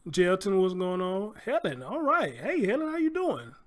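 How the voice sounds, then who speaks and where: Male livestream host, slightly high voice, loose chatty delivery with casual swearing. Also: sing-song, moderate pace. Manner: loose, chatty, swears freely, repeats phrases.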